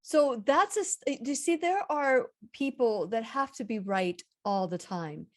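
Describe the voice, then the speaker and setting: A woman's voice: on the high side, a little slow. A woman hosting a radio interview, chiming in with short prompts and her own remarks. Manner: brief agreeing interjections, then personal remarks. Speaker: radio show host.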